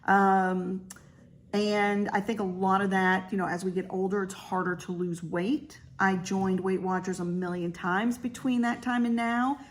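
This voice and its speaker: A woman in her fifties speaks straight to the camera in a casual personal vlog. She is chatty and candid and sprinkles her talk with fillers. Her voice sits at a middle pitch. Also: flat delivery, measured pace. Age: 50s. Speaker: vlogger; realtor.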